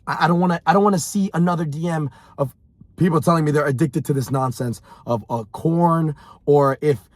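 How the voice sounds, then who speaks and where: A man's voice: fairly high pitch, a little fast, no room sound. Intense, blunt young man, dry sound. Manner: intense, blunt, swings from mocking mimicry to shouting. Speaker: motivational speaker. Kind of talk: motivational monologue.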